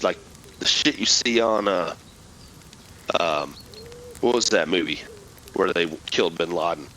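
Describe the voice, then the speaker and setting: Profane, low-pitched man telling a war story. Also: sharp tone, a little hiss or hum, rough recording. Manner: profane, rambling, with many restarts. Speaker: podcast guest, military veteran. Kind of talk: casual storytelling.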